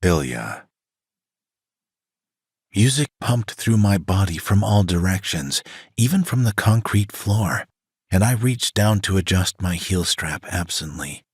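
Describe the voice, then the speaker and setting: A man narrating an audiobook in a measured, steady reading with a husky voice. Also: low voice, no echo, studio quality.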